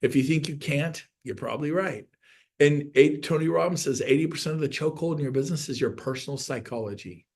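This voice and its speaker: A man's voice: fairly high pitch, fast talker, darkish tone, breathy edge. A man in his fifties giving a motivational real estate coaching talk on a video call, emphatic and preachy, repeating key points and acting out quotes. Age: 50s.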